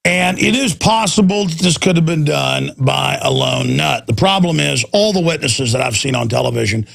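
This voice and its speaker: A man's voice: on the high side, animated, normal speed, gravelly, fairly bright tone. A man hosting a talk radio show, ranting intensely in a combative political monologue.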